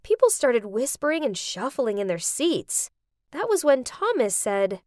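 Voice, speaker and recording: A young woman narrating an animated story in the first person, dramatic and expressive. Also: fairly high pitch, a little slow, no room sound, studio quality.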